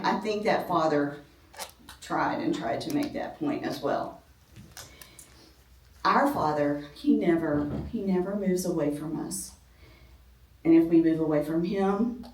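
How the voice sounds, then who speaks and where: A middle-aged woman teaches a women's church class in an easy, chatty way, dropping frequent ums and the odd joke at her own expense. Her voice sits a little low for a woman. She is picked up from across a roomy classroom, so she sounds distant and echoey. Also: a little mellow. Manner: conversational, many ums, self-deprecating humor. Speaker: speaker at a ladies' church class. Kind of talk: informal Bible class talk.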